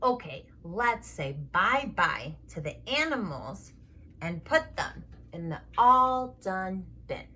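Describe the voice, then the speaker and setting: Slow sing-song woman speaking to toddlers. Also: medium pitch, very animated, sharp tone. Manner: slow, exaggerated sing-song, simple repeated words. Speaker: speech therapist for children. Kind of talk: toy play narration for toddlers.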